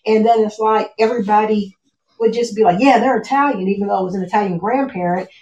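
A woman's voice: medium pitch, flat delivery, fast, warm tone, lo-fi sound. Reflective woman guest in a roomy echo. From United States. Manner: reflective, many fillers like "you know" and "like". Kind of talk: casual conversation. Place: at home with a cat.

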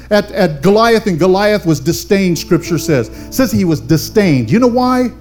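An older male pastor preaches a fervent sermon, calling on the congregation for amens in call-and-response fashion. His voice is high and a little mellow.

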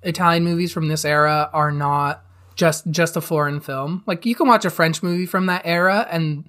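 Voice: mid-range voice, normal speed, fairly bright tone. A podcast co-host chatting casually about movies as an eager, self-described fan who laughs along.

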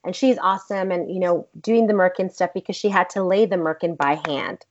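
Blunt, animated woman telling a story. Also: on the low side, fairly quick. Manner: blunt, profane, animated retelling. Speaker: actress, interview guest. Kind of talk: casual storytelling. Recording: dull lo-fi recording.

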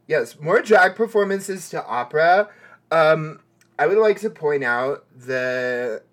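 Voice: medium pitch, animated, a bit bright. A podcast co-host in casual chat, rambling and filling gaps with "like" and "um". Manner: slow, rambling, heavy on "like" and "um".

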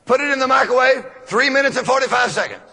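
A middle-aged man delivers a loud, emphatic sermon, laughing often as he drives each point home. His voice sits very high and carries a gravelly rasp. A long reverb from a large hall trails every phrase. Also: fast talker. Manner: shouting emphatic preaching, often breaking into laughter. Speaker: preacher.

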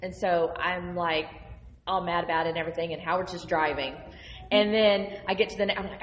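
A woman's voice: lowish voice, fairly quick, lo-fi sound, slight background noise. Woman minister, echoey hall. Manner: animated, conversational storyteller. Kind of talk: casual testimony storytelling. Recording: roomy hall reverb.

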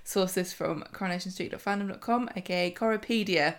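A woman's voice: on the low side, fairly quick. A woman co-hosting a podcast, reading quiz questions in casual chat and giggling often. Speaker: podcast co-host, quizmaster.

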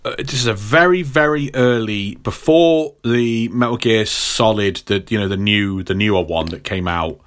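A man co-hosting a casual podcast, telling stories in an animated, jokey way. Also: fairly low pitch, normal speed, hardly any pauses. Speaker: podcast co-host.

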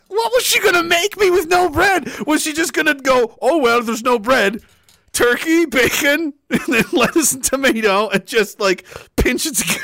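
A man telling a story in a casual rant, animated, swearing and laughing often. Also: very high-pitched, creaky, no room sound, clean studio sound.

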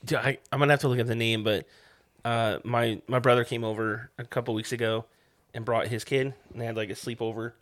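A man's voice: medium pitch, steady tone, fairly quick, fairly bright tone. Rambling man telling a story. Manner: rambling storyteller, many "like" fillers, swears. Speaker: podcast co-host. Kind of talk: casual chat.

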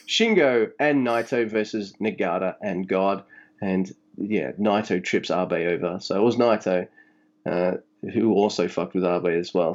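A man co-hosting a casual podcast, talking fast and animated with plenty of swearing. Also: fairly low pitch, highs cut off. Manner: animated, swearing, mock-voices for quotes. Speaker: podcast co-host. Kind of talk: casual wrestling chat.

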